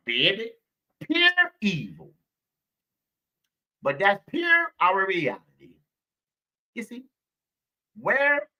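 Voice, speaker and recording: A live show host with a high, sharp-toned voice talks to his stream viewers in a preachy way, repeating himself and calling them baby.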